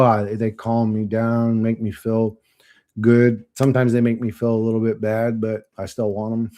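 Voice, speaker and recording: A man's voice: medium pitch, warm tone. A man rambling casually to his stream chat, swearing and laughing often. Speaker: channel host.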